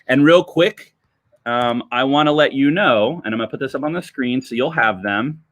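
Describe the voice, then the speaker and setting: A man's voice: mid-range voice, moderate pace, dry recording. A man hosting a livestreamed wine lesson as a sommelier, talking chattily to his viewers, calling them guys and checking in with them often. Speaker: sommelier host.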